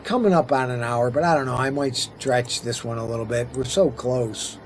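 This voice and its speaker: A man's voice: mid-range voice, moderate pace, slight background noise. A middle-aged man casually commenting on his own strategy gameplay, rambling and talking to himself as he plays. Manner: rambling, chatty, talks to himself while playing. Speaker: let's-play host.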